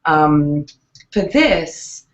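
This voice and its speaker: An English woman talks through interview questions in a relaxed, reflective way. She pauses often and restarts her sentences as she thinks. The sound is a little muffled and lo-fi. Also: low voice. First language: English accent in real speech. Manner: thoughtful, hesitant, many fillers and restarts. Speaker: actress interviewed as guest.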